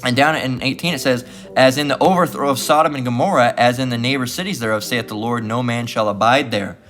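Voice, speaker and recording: Man preaching, confrontational, profane, repetitive, mid-pitched, soft guitar underneath. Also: a little fast. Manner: combative, profane, repeats "guess what" and "all right?". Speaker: street-style preacher.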